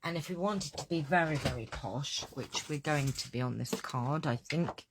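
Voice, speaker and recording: A woman's voice: low-pitched, normal speed. Woman, gushing crafting host, exclamatory, chatting to viewers, faint background hiss. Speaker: card-making demonstrator. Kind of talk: live crafting tutorial chat. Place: home craft desk.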